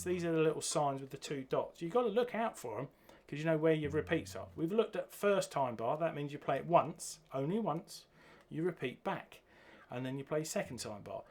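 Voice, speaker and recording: A man teaching a bass guitar piece, counting beats and singing the rhythms aloud as he goes. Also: darkish tone. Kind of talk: music lesson walkthrough. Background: bass guitar playing.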